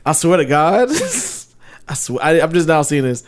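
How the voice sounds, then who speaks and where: Excitable man, slightly high voice. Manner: excitable, profane, swearing to God, quick laughs. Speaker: podcast co-host. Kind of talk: casual chat.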